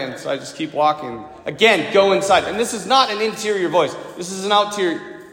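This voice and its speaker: A male priest with a high voice delivers a sermon, speaking personally to his congregation. The sound rings through a large, reverberant hall. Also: lively intonation, fairly quick, a bit bright. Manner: personal storytelling, asks the congregation questions directly. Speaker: Catholic priest. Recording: echoey hall with long reverb.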